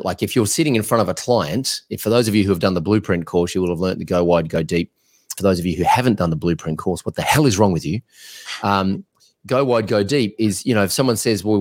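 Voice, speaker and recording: A man co-hosting a podcast, giving business coaching advice in an energetic, blunt, rambling way. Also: lowish voice, slightly rough.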